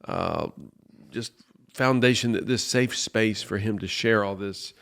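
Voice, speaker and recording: A man co-hosting a podcast, emphatic and animated as he recalls his childhood. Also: lowish voice, unhurried, creaky. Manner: animated, emphatic, says "dude". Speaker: podcast host. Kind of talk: casual conversation.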